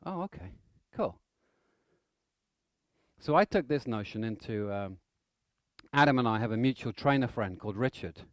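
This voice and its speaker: A man's voice: lowish voice, brisk, no room sound, clean studio sound. A man, an NLP trainer telling stories to a seminar audience, acting out the people in them. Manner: animated, acts out stories with shouts and laughter. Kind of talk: live seminar storytelling.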